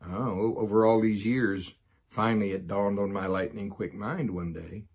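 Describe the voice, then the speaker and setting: Husky low-voiced man, folksy Bible teacher, excitable and chuckling. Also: normal speed.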